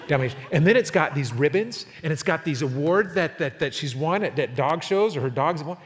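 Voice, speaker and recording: A man in his sixties preaching a sermon as pastor, telling a story in an animated way and acting out the quotes. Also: a little high, fairly quick. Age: 60s. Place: church sanctuary. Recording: long hall reverb, faint noise.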